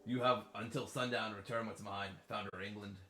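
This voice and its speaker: A man's voice: on the low side, steady tone, brisk, pushed and bright, roomy sound. A man reading aloud as a mock pirate writing a farewell journal, in a theatrical pirate accent. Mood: menacing.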